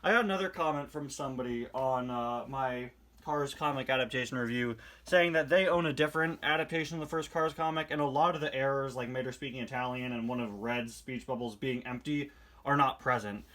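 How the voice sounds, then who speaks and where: Man, comic reviewer, chatty casual vlog, bright voice, playful asides. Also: medium pitch, fairly quick.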